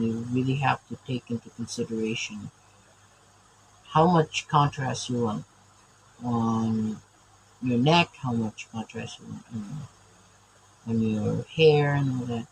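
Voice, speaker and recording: Man, casual drawing chat, stammering and rambling, unhurried delivery, mid pitch. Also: slight background noise, low-quality recording. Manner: rambling, stammering, laughs often. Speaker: artist drawing on camera.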